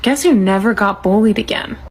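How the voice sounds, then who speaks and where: A woman telling a story with deadpan delivery. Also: mid-range voice, brisk, slightly rough. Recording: noisy background.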